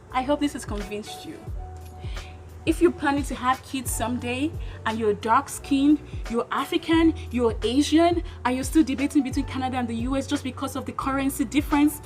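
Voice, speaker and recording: A woman with a strikingly high voice delivers opinionated vlog commentary. She talks emphatically and keeps firing rhetorical questions at her viewers. Faint background music runs under her voice. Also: darkish tone. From Nigeria. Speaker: vlogger.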